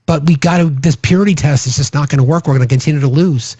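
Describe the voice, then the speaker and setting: A man's voice: fairly high pitch, quick pace, warm tone, breathy edge, no echo. A man hosting a casual political livestream, talking earnestly with frequent restarts and tag questions to his viewers. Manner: earnest, many restarts and "right?" asides. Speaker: livestream host.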